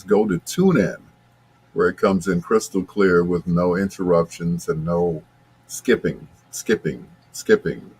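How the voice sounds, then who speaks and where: A man's voice: sits low, husky. A man hosting a late-night love-songs radio show, chatting casually and greeting listeners by name. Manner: laid-back, chatty, talks to listeners by name.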